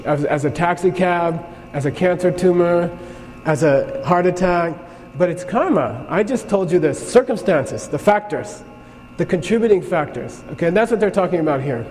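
A man with a fairly high voice gives a classroom lecture, talking in a loose, conversational way. He keeps checking in with his listeners as he explains. His voice carries a long hall reverb over a faint background ambience. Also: animated, normal speed, darkish tone, slight background noise. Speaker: Buddhist teacher.

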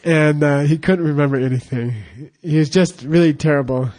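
Halting, chatty male monk storyteller. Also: a little high, a little mellow. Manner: rambling, halting, with fillers and laughs. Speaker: Buddhist monk teacher. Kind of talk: casual storytelling teaching.

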